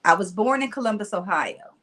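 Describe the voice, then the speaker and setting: A woman's voice: medium pitch, a little fast. Southern-twanged woman telling stories. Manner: animated storyteller, laughs often. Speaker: motivational speaker, guest. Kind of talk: casual interview chat.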